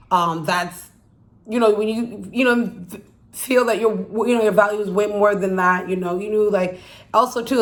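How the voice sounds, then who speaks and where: A woman hosting her own channel, casually recapping a film's plot in a rambling way, full of "like" and "you know," and swearing bluntly. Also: medium pitch. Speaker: YouTube channel host.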